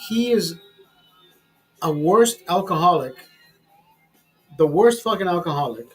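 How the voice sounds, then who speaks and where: A man's voice: high voice, animated, unhurried, breathy edge, soft background music, poor audio. A man hosting his own livestream while drinking, tipsy and boastful, swearing constantly in a crude rant. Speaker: livestream host. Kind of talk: casual profane rant.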